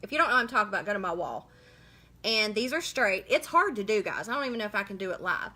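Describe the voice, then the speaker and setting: A woman's voice: mid-range voice, lively intonation, fast, bright, forceful tone. A woman hosting a casual live makeup tutorial, chatting as she works and greeting viewers by name. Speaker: makeup livestream host.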